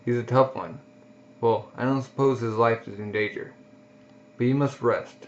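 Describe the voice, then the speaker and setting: A man's voice: mid-range voice, steady tone, moderate pace, slight background noise, natural voice. A man doing a stern, scolding army doctor. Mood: wry. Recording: dull lo-fi recording.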